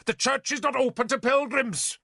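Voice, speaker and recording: A man voicing a self-pitying bishop who wails, pleads and snaps in a high, strained voice. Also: a little slow, bright, forceful tone, dry recording, clean studio sound, exaggerated voice. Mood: hysterical. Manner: wailing, melodramatic, pleading. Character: shrill, hysterical, self-pitying old bishop.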